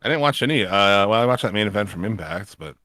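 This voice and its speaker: A man's voice: fairly low pitch, animated, fast, a bit bright, no room sound, clean studio sound. A man in his thirties co-hosting a casual wrestling podcast, laid-back and profane, laughing often. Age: 30s. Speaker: podcast co-host.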